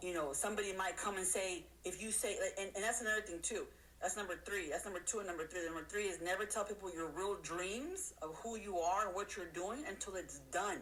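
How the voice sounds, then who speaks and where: A woman motivational speaker gives a casual talk to her audience, counting off her points one by one. She acts out other people's voices in high squeals, her tone a bit bright, though the recording is rough.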